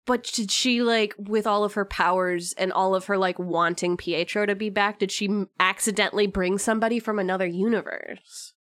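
A young woman co-hosts a podcast in a loose, rambling way, full of filler words and quick questions. Her voice sits mid-pitch for a woman and sounds dry and close, with no room around it. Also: dry recording. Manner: chatty, many fillers, lively questions. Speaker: podcast co-host. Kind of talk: casual chat.

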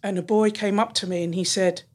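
A woman, a teacher telling lively classroom stories as a podcast guest. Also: mid-range voice, fairly quick. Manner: animated storyteller who acts out the people she quotes. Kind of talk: storytelling in a podcast interview.

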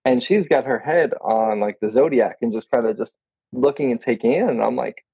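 A man's voice: mid-range voice, moderate pace, creaky, dark tone, husky, dry recording, lo-fi sound. A man in a casual podcast conversation, chatty and enthusiastic, often quoting himself.

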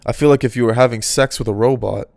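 A man's voice: mid-range voice, fast, gravelly, a little mellow, dry recording. A man hosting a casual solo podcast, rambling through off-the-cuff thoughts. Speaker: podcast host.

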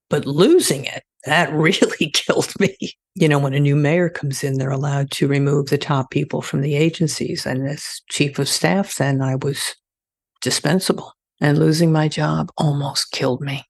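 Telling stories in an interview, the retired death investigator talks openly and conversationally. She's an older woman with a low voice, and the studio recording is clean and echo-free.

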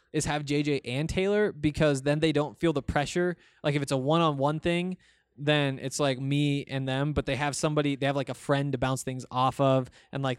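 A young man with a fairly high, smooth voice, chatting on his own podcast. He rambles along loosely, with plenty of fillers and restarts. The sound is dry and close to the mic. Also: no echo. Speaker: podcast host. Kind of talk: casual solo podcast, reading listener comments.

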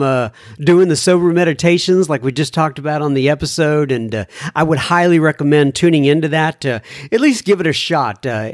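A man's voice: on the high side, no echo, clean studio sound. Earnest man hosting a podcast. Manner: folksy, earnest, reads listener letters aloud. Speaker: podcast host. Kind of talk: casual recovery podcast talk.

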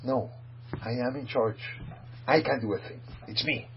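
A man's voice: medium pitch, moderate pace. A man teaching a Torah lecture, emphatic, asking rhetorical questions and mixing in Hebrew and Yiddish phrases. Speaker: rabbi teaching. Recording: dull hum-laden recording.

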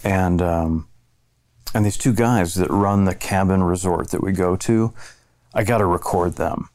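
A man's voice: low-pitched, measured pace, darkish tone. A man from central Illinois co-hosting a casual chat, telling stories in an earnest way. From central Illinois, USA. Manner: earnest storytelling. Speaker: podcast co-host.

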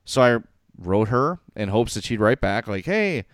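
With a lowish voice at a moderate pace, this sports podcast co-host is a chatty storyteller who wanders through his tales and laughs readily. The recording is dry and of studio quality.

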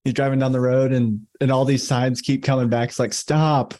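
A man with a mellow, warm voice speaks as a panel guest in a casual discussion. He tells his points as an animated story. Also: mid-range voice, fairly quick. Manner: storytelling, animated retelling of a movie scene.

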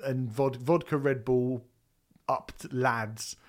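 A man co-hosting a podcast in casual chat, animated and sweary, breaking into bits of song. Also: mid-range voice, slow pace. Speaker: podcast co-host.

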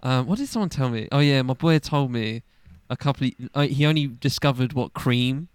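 Guy rambling thru an album review, smooth clear voice, dry close sound, lots of ums. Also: mid-range voice, a little fast, dry recording. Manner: rambling, frequent fillers and restarts, swears casually. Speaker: podcast co-host. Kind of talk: casual music review chat.

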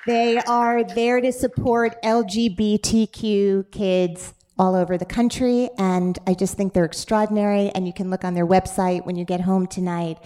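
A woman hosts a live podcast taping on stage, her talk playful and chatty. She laughs easily as she jokes with her guest, and her voice sits at an ordinary middle pitch. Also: fairly even intonation, moderate pace, few pauses, mellow. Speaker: podcast host. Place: stage before a live audience.

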